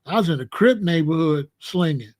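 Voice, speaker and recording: A man from Chicago talks through a story in loose, slangy street talk and puts on the voices of the people in it. His voice sits notably high for a man. The delivery is relaxed and conversational, like a host speaking straight to his audience. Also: moderate pace. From Chicago, USA. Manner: animated, slangy, acts out the other people's lines. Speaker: show host. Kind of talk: casual storytelling monologue.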